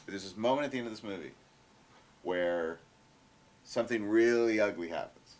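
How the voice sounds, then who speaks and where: A man in his forties telling animated anecdotes in casual chat, restarting his sentences often. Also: on the low side, moderate pace. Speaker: guest filmmaker. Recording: faint background noise, live stream.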